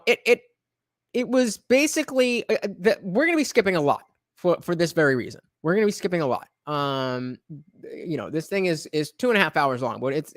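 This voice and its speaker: A man's voice: on the high side, a bit bright, no echo, clean studio sound. A man hosting a casual reaction stream, talking through a debate clip with lots of fillers, restarts and blunt swearing.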